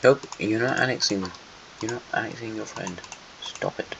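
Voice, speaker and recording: A man's voice: on the low side, brisk, gravelly. A young man giving casual, playful commentary on a strategy game, chatting to and teasing the nations on the map. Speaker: channel host. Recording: muffled lo-fi home mic with faint noise.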